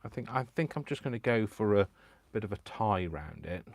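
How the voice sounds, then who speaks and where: A man's voice: lowish voice, expressive, a little fast, vocal fry, no echo. A man chatting casually through a crafting tutorial at home, rambling and self-deprecating and chuckling often. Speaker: craft vlogger. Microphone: wired mic on a tripod setup.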